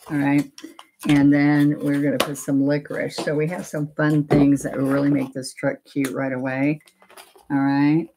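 A woman teaching painting in a live demonstration, talking through each step in a chatty way. Her voice sits low and stays fairly even in pitch. She speaks at a slow, unhurried pace. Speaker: painting instructor.

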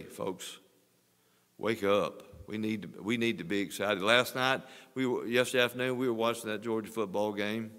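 Older preacher guy, 60s, lowish voice, earnest sermon, church hall echo. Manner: earnest preaching, swelling louder on exhortations. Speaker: pastor. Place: church sanctuary. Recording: long church reverb.

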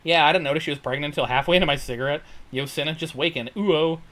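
A man with a fairly bright, high-leaning voice races through casual chat while streaming a retro video game, with its music playing behind him. Laid-back, joking, and profane, he greets viewers and reads their messages.

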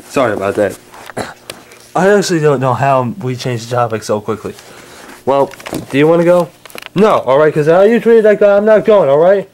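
A man's voice: fairly high pitch, expressive, moderate pace, pauses often, darkish tone, slight background noise. A man bickering and stammering through a homemade comedy skit in which he plays several characters.

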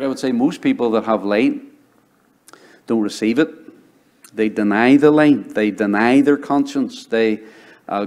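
Mellow-voiced male pastor telling his testimony. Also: mid-range voice. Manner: storytelling, drops to a hushed voice for quoted dialogue. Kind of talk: sermon with personal testimony.

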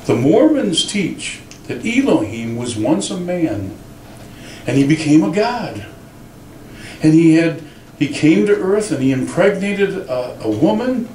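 A man, a pastor, preaching a sermon in an animated, storytelling way in a church. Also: fairly high pitch, measured pace, a little hiss or hum. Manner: animated storytelling with acted quotes. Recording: roomy church sound from a distant mic.

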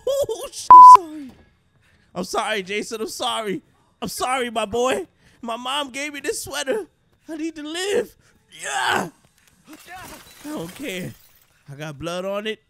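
A man's voice: sits high, wildly swooping pitch, slow, vocal fry, long pauses, pushed and bright, breathy edge, pitched above the performer's own voice, full character voice. A man voicing a scared, preppy young man in a red sweater who brags about money and whines nervously in a horror game. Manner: whiny, nervous, boastful.

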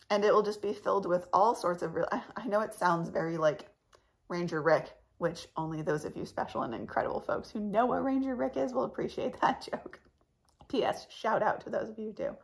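A woman vlogger chatting casually to her viewers, rambling and laughing often, her voice a little cracked in the morning. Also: medium pitch. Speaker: channel host. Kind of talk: casual chat to camera.

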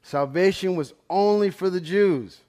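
A man's voice: high voice, a little slow, warm tone. A young man teaching a Bible study in a casual, conversational way, explaining scripture with everyday examples and asides. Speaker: pastor.

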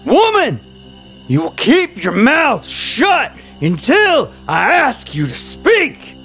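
Man doing a shrill, domineering cult father. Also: sing-song, very slow, faint music behind, exaggerated voice. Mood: commanding. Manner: imperious, barking commands. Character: domineering male cult leader calling captives sheep.

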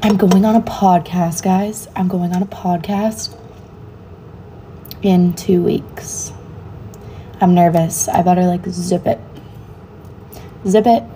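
A woman's voice: lowish voice, steady tone, slow, pauses often, mellow, slight background noise. A young woman, a student, chatting casually on a phone livestream, reading viewers' comments aloud and answering them offhandedly. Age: young adult.

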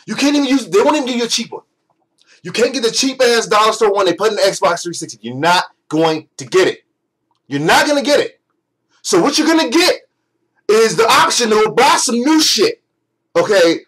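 A man's voice: sits high, big pitch swings, a little fast, a bit bright, poor audio. A young man delivering an angry, profane, sarcastic rant as a gaming vlogger.

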